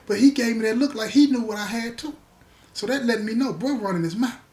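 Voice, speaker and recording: A man's voice: extremely high pitch, brisk. A man telling a story about his past in a casual, slangy way, acting out what other people said. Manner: animated, slangy, acts out the other people's lines.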